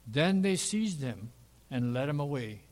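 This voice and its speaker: A man reads scripture aloud at a measured, deliberate pace. His voice sits at an ordinary pitch and carries the long reverb of a large hall. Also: expressive. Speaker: scripture reader.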